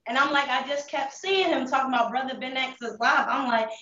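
A young woman candidly telling her hard life story in street slang, with halting restarts, holding back tears. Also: high-pitched, sharp tone, roomy sound, distant mic, dull audio. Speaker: interview guest. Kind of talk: emotional personal testimony.

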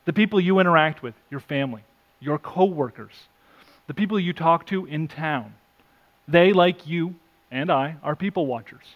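A male pastor delivers an earnest sermon with a slightly higher-pitched voice. He reads scripture aloud and swings between emphatic, raised lines and quiet, hushed ones. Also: moderate pace, lo-fi sound. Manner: earnest preaching, rising for emphasis then dropping soft; self-deprecating asides.

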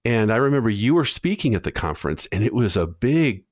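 A man's voice: medium pitch, big pitch swings, fairly quick, dry recording, studio quality. A man hosting a casual interview, reflecting aloud and thinking through his questions. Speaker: podcast host.

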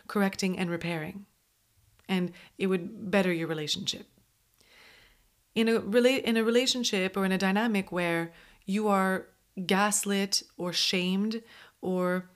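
Woman host giving relationship advice, earnest and emphatic, says like a lot, lowish voice. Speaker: podcast host. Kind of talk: advice talk.

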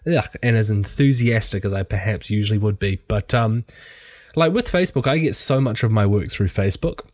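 Man with a sore throat, dry low voice. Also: expressive, fairly quick, darkish tone, dry recording. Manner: rambling, hedging, many fillers. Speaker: wedding photographer. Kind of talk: casual podcast chat.

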